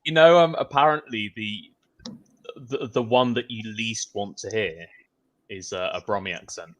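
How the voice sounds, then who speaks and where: A man's voice: fairly low pitch, fairly bright tone. A man co-hosting a live online chat, speaking hesitantly with many restarts and occasional laughter. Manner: hesitant, halting, fond of laughing. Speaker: livestream co-host. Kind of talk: casual group chat.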